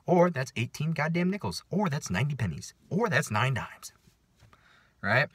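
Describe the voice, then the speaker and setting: A man's voice: on the high side, sing-song, normal speed, fairly bright tone, slightly rough, no room sound. A man telling a story in a casual vlog rant, profane and sarcastic. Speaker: vlogger.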